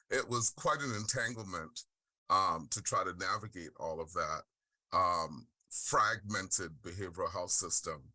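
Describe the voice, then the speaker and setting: A middle-aged man from the Deep South, speaking on a webinar panel and sharing his personal story in an earnest, heartfelt way. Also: pushed and bright, no room sound. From Deep South of the United States. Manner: earnest, heartfelt, with frequent "um" and "right?". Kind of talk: personal testimony and presentation. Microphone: video call.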